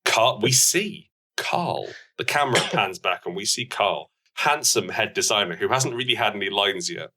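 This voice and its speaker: A man's voice: on the low side, lively intonation, normal speed, hardly any pauses, bright, forceful tone. A man co-hosting a podcast, playfully narrating an improvised comedy story. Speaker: podcast co-host.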